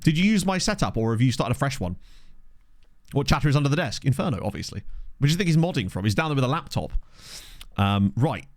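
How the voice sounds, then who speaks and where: Lively, chatty male game streamer. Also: mid-range voice, fast, long pauses, no echo, studio quality. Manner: chatty, reads chat aloud, excitable reactions to match play. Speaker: streamer playing a football management game. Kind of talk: casual live-stream chat with commentary. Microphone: desk microphone.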